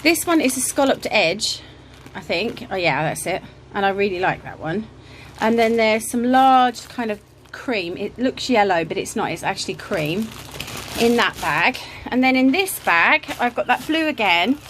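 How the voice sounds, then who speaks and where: A woman's voice: medium pitch, expressive, moderate pace, fairly bright tone, a little hiss or hum, rough recording. A woman chatting casually in a home craft vlog, rambling with ums and little laughs, a bit out of breath, filming on a handheld camera. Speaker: craft vlogger. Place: home craft room, indoors.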